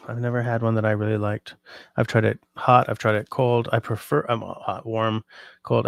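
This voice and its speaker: A sleepy, yawning man hosting a livestream, chatting casually and reading out viewer comments in a relaxed, rambling way. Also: medium pitch, vocal fry, dry recording, studio quality. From Canada. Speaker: livestream host.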